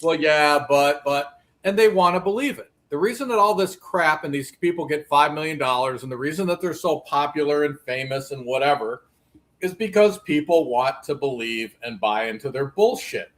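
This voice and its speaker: A man's voice: a little high, expressive, fairly quick, fairly bright tone. A man speaking as a guest on a panel talk show, blunt and dismissive, sounding irritated.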